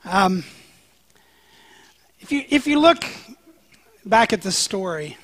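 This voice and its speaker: A man's voice: high voice, sing-song, takes it slowly, a bit bright. A male pastor preaching a sermon in a conversational, joking way, with frequent "um"s.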